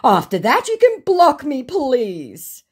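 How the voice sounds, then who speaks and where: A pleading, indignant young man who won't take no for an answer, put on by a woman retelling a chat. The voice climbs high and gets loud as it whines and begs. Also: huge pitch swings, slow pace, full character voice. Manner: whiny and begging.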